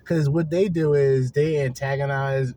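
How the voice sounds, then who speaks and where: A man's voice: medium pitch, steady tone, unhurried, dark tone, a little hiss or hum. A young man hosting a casual podcast chat, brash and joking, laughing often and mimicking other voices. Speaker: podcast host.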